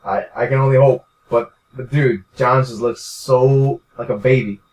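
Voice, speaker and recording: A man's voice: mid-range voice, fairly even intonation, measured pace, a little mellow. A young man co-hosting a casual podcast in a laid-back, agreeable way. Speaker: podcast co-host. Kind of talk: casual chat. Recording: distant mic.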